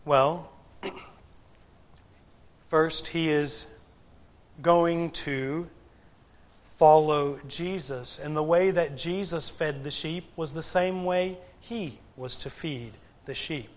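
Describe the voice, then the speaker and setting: At a church gathering, a male preacher delivers a sermon in an unhurried, measured cadence, deliberate and emphatic, with long pauses between phrases. His voice is a little higher than most men's, and he often uses rhetorical questions to drive his points home.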